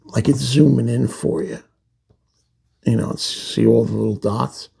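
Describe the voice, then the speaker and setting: Slow gravelly man chatting casually about comics. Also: medium pitch, steady tone, mellow. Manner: rambling, loose, with many fillers. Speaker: comic book reviewer.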